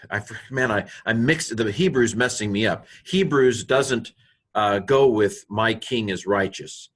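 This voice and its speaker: An older man giving a recorded Hebrew grammar lesson, rambling and joking at himself, with many fillers and restarts. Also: lowish voice. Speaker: Bible and Hebrew teacher.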